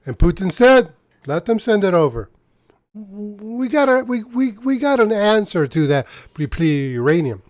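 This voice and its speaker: A man's voice: high-pitched, sing-song, measured pace, a little mellow, no echo. A man hosting his own channel, giving casual news commentary in a rambling, sarcastic way with frequent laughter and restarts. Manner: mocking and sarcastic, laughs often; rambling, restarts mid-sentence. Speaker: channel host.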